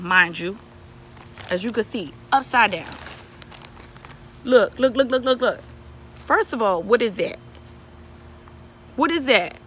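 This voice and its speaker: A woman's voice: fairly high pitch, sharp tone, slight background noise. A young woman vlogger ranting casually to camera, exasperated and profane, repeating herself for emphasis. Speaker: beauty vlogger reviewing a wig.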